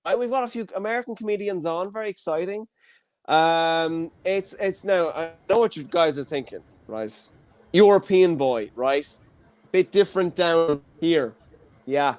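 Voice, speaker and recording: A young Irish man with a slightly higher voice hosts a streamed comedy night. He talks in a loose, self-deprecating, cheeky way, wandering through his jokes. The sound comes from a home video call. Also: expressive, measured pace, darkish tone, dry recording. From Ireland. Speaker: comedy show host. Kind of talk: online stand-up set and hosting.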